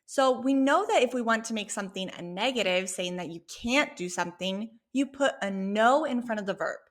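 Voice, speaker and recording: A woman teaching a Spanish lesson, explaining a sample dialogue clearly and patiently. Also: on the high side, animated. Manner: clear, patient, slow when modeling Spanish phrases.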